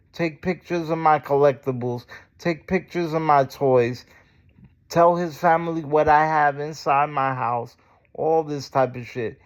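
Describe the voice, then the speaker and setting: Indignant man ranting, slightly high voice. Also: clean tone. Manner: heated, profane and indignant. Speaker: vlogger. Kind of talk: angry casual rant to camera.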